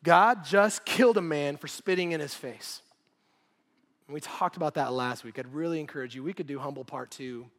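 Brief: male pastor, relaxed and jokey sermon delivery, voice pitched a bit high. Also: normal speed. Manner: casual, joking, laughs between points.

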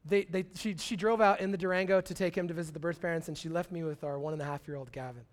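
A man, preaching a conversational sermon as pastor, swinging from quiet asides to excited bursts. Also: fairly high pitch, fast.

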